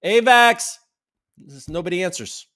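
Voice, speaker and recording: A man's voice: sits high, measured pace, bright, forceful tone. A man hosting a casual livestream, chatting loosely and reading viewer comments aloud as they come in, with the odd swear. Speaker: livestream host.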